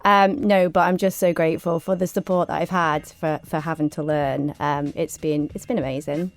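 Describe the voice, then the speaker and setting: Giggly woman guest, lowish voice. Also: steady tone, normal speed, dry recording, faint music behind. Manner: bubbly, giggly, grateful. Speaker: actor guest. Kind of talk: casual interview chat.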